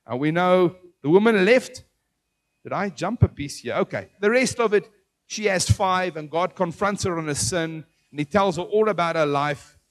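A man preaching a sermon in an animated way, asking his listeners questions as he teaches. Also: high-pitched, normal speed. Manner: animated, asks the audience questions.

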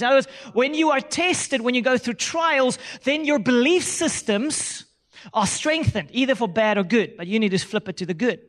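A man with a very high voice preaches a sermon with emphasis. He repeats his key phrases and calls on the congregation to say lines back to him, building each point step by step. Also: animated, moderate pace, a bit bright. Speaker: pastor.

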